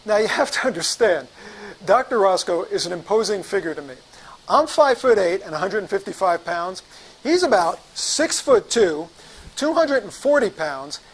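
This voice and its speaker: A man teaching sales, telling an animated story as a lesson. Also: high-pitched, low-quality recording. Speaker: sales trainer.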